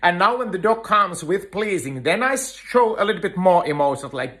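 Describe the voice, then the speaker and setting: A man giving an earnest dog-training lecture, talking in halting phrases full of "uh" fillers. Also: high voice, lively intonation, sharp tone. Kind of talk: instructional lecture.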